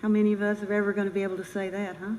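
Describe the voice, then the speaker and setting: An older woman giving a personal memorial speech as a bereaved military mother, earnest, halting and emotional. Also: mid-range voice, level tone, a little mellow. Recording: reverberant room with faint noise.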